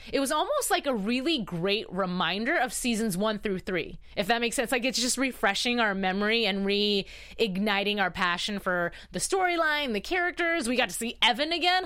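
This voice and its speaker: A woman's voice: on the high side, a bit bright. A woman hosting a casual live recap of a TV episode, chatty and emphatic as she reacts openly to the story. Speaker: TV show recap host.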